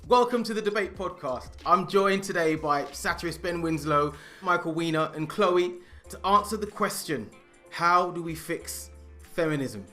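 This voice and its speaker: A man's voice: a little high, animated, moderate pace, pushed and bright, soft background music. A man acting as an earnest, agreeable podcast host in a comedy sketch.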